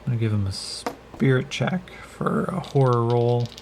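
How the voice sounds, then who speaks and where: A man narrating a solo tabletop game as game master, in an unhurried, hesitant way with many pauses. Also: mid-range voice, a little mellow, a little hiss or hum.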